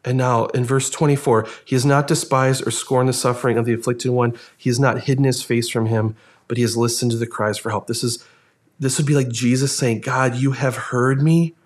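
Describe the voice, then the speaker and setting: A man preaching a sermon, earnest and expressive, with quick asides and soft dramatic drops. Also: mid-range voice. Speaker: pastor.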